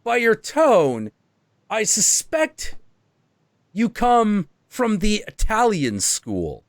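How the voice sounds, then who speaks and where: A man voicing a sly, smug devilish male spirit with a slow, mocking delivery. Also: high-pitched, huge pitch swings, no room sound, pitched above the performer's own voice, full character voice.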